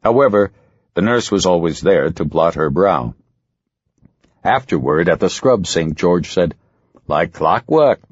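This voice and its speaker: A male audiobook narrator with a low, husky voice that moves up and down a great deal as he reads. His delivery is measured and expressive. It is a dry, slightly dull studio recording. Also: dry recording. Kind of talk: scripted narration.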